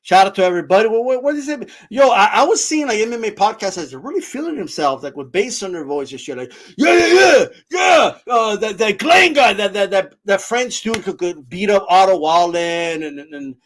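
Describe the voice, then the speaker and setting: A man with a notably high voice rants live on a stream, heated and mocking, swearing freely as he talks boxing. His tone swings between scornful jabs and loud outbursts. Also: sing-song, fairly quick, few pauses.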